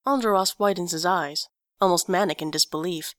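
A woman's voice: on the low side, fairly even intonation, normal speed, dry recording. Woman reading a story aloud, dry close sound. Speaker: narrator.

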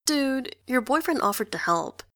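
A woman voicing a cheeky, loud young boy who squeals and teases, in a dry recording. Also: sits high, very animated, normal speed, no echo, pitched above the performer's own voice, heavily acted. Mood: teasing.

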